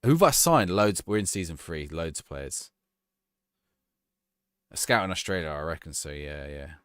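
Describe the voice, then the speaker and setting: Casual male streamer, rambles chatting with viewers, lower voice that swings up and down, close dry mic. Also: expressive, moderate pace, fairly bright tone, smooth, dry recording. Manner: casual, rambling, answering chat questions. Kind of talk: live-stream gameplay chat.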